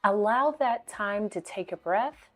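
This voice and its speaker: Slow, deliberate woman speaking coach. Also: medium pitch, animated, faint music behind. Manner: slow, deliberate, with pauses and repeated words. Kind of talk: motivational speaking tips to camera.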